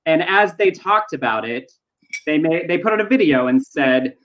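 A man's voice: fairly high pitch, animated, normal speed, fairly bright tone, dull audio. A man with a Southern US accent, co-hosting and producing a casual news podcast, talking in a wry, joking way.

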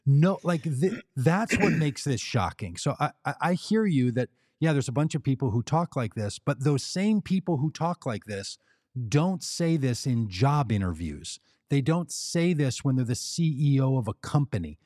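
Give me a podcast co-host with a warm, relaxed voice recorded dry and close. He argues his point in loose, casual talk and throws in mock voices for the people he quotes. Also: medium pitch, normal speed, no echo. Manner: argumentative, acts out quoted speakers in mock voices. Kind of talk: casual political discussion.

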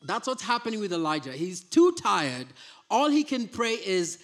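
A man's voice: high-pitched, sing-song, a little slow, a bit bright. A man preaching a sermon, reading scripture and then explaining it in a conversational way, often restarting his sentences. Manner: conversational, with frequent restarts and stammers. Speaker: pastor.

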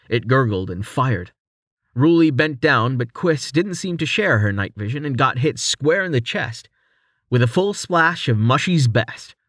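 A man narrating a fantasy audiobook in a steady storytelling manner. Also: mid-range voice, dry recording, studio quality. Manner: steady storytelling, shifts into character voices.

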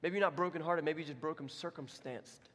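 A man's voice: a little high, brisk, a bit bright. A young adult man preaching a sermon as pastor, conversational and storytelling, swinging into voiced quotes. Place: church sanctuary. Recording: long hall reverb.

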